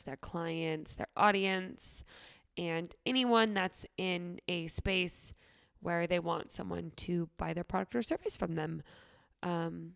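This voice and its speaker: A woman's voice: on the low side, fairly even intonation, slow, vocal fry, a bit bright. A young woman hosting a motivational podcast, speaking upbeat and encouraging to her listeners, her voice nasal and sniffly from a cold. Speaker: podcast host. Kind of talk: solo motivational podcast talk.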